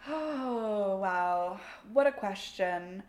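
A blunt, opinionated woman chatting casually as a podcast co-host. She speaks at a middling pitch and fills her talk with "like." The room around her has a noticeable echo. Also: expressive, very slow, a little mellow. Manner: blunt, opinionated, says "like" often. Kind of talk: casual movie review chat.

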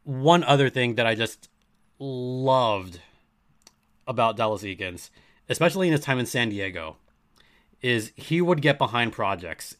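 A man hosting a hockey podcast in an earnest, emphatic way, leaning on his key points and repeating them. His voice sits at an ordinary middle pitch. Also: fairly bright tone. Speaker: podcast host. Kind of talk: sports podcast commentary.

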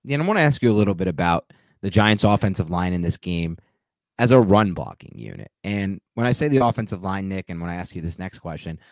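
A man co-hosting a casual sports podcast, quick and analytical, asking pointed questions. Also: deep voice, sing-song, dry recording. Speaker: podcast co-host.

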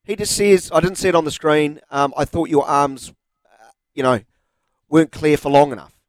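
A man's voice: on the high side, normal speed, no echo. A middle-aged man with a New Zealand accent hosting a sports radio show, arguing his points and reading out listener texts. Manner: animated, argumentative, reads out listener texts. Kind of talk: opinionated sports radio talk.

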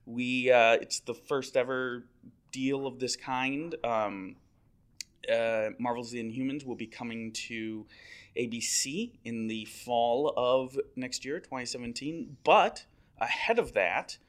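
A man's voice: mid-range voice, takes it slowly. A man, an editor, chatting casually on a podcast, self-deprecating and full of fillers and restarts. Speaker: website editor. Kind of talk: casual chat.

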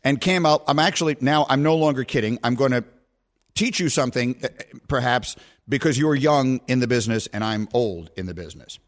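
A man's voice: medium pitch, lively intonation, a little fast. A middle-aged man hosting a sports radio show, teasing his co-host and then musing at length in a reflective way into a studio microphone.

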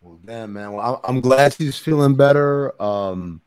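A man's voice: mid-range voice, measured pace, a little mellow, clear, resonant tone, dry recording. Supportive man in a dry recording. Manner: supportive, short affirming replies. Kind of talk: casual chat.

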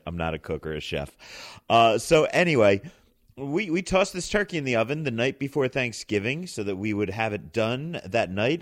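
A man hosting, telling a casual story and acting out the quoted voices. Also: fairly low pitch. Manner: animated, acts out quoted voices. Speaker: host.

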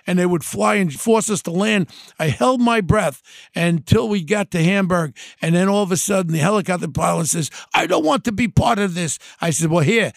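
A man's voice: sits high, creaky, no echo, clean studio sound. A man hosting a podcast, telling a true crime story in a rambling way and acting out the dialogue. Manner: rambling, repeats "next thing is", acts out quoted dialogue. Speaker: podcast host.

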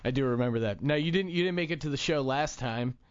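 A man's voice: mid-range voice, fast, smooth, dull audio. A man hosting a talk radio show in casual banter, telling stories and laughing often. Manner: laughs often, tells stories with acted quotes.

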